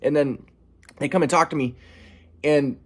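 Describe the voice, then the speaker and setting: A young man telling a personal story in a vlog, earnest and aggrieved, stressing how calm he stayed. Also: fairly high pitch, normal speed. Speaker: vlogger.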